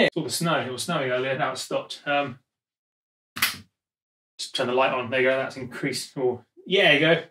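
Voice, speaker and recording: A man's voice: medium pitch, normal speed, long pauses, fairly bright tone, recorded from a distance. A man vlogging in his home music studio, rambling and joking to himself as he unpacks gear. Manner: rambling, self-mocking, talks to himself while handling gear. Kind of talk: casual studio vlog, talking to camera. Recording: echoey room, voice often off-mic.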